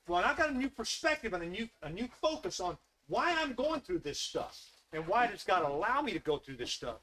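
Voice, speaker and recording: A man's voice: high voice, bright, forceful tone, a little hiss or hum. A middle-aged man preaching a casual, conversational sermon full of folksy asides. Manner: folksy, conversational, with Southern "y'all". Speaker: pastor.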